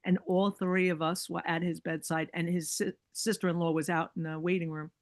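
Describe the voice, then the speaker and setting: A woman's voice: fairly low pitch, flat delivery, a little fast, dry recording. A woman chatting as a podcast guest, telling a long personal story full of likes and you-knows and acting out what people said. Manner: chatty, many likes and you-knows, acts out quoted voices. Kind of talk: casual storytelling chat.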